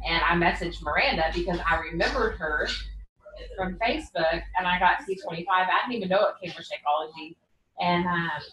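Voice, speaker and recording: A woman's voice: fairly low pitch, a bit bright, slight background noise. A woman giving a personal testimony at a party, chatty, full of fillers and quoted dialogue. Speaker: team member sharing her story. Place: party room with guests. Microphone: camera set away from the speaker. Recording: echoey room from far off.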